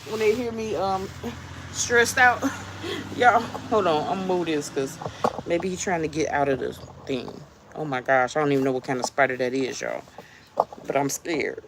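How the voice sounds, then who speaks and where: Chatty woman with a low voice, vlogging. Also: animated, a little fast, background noise. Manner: rambling, chatty, laughs often. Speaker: vlogger talking to viewers. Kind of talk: casual storytelling chat. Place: outdoors in a home garden.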